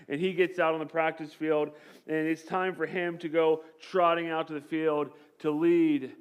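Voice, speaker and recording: A man preaching a sermon to his church, conversational and joking, telling a story with lively acted-out quotes. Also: a little high, clean tone. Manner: conversational, with jokes and light laughs. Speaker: pastor.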